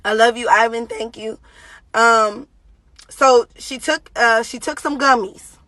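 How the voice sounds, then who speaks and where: A young adult woman streaming live to her viewers, speaking haltingly about her daughter with many fillers and pauses. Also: a little high, sharp tone, no echo. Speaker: parent giving a live video update.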